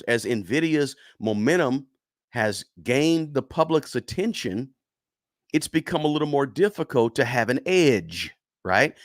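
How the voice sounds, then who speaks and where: Middle-aged man, livestream teacher, emphatic and repetitive, average pitch, dry unechoing sound. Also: no echo. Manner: repetitive, emphatic, tags lines with "right?"; chatty and encouraging toward viewers. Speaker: livestream host teaching investing. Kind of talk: casual livestream lesson, reading chat.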